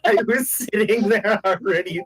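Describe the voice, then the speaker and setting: A man's voice: sits high, moderate pace, a bit bright, breathy edge, low-quality recording. A man playing a tabletop game in casual chat, joking and thinking aloud about his moves. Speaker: player.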